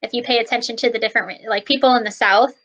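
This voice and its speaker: A woman's voice: a little high, fairly even intonation, quick pace, fairly bright tone, muffled recording. Chatty Minnesotan woman tutoring English. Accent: Minnesotan American. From Minnesota, USA. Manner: chatty, explains with examples. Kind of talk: casual conversation lesson. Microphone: video call.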